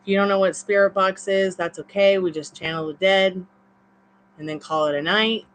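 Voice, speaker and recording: A woman's voice: mid-range voice, steady tone, normal speed, a little hiss or hum, poor audio. Chatty Southern woman reading tarot. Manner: chatty, encouraging, rambling asides. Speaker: tarot reader. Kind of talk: live-stream tarot reading.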